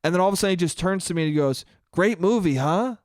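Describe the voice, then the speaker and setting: A man's voice: high-pitched, fairly even intonation, racing, clear, resonant tone, dry recording, clean studio sound. A young man hosting a solo podcast, rambling in a profane, self-mocking way. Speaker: podcast host. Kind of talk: solo comedic monologue.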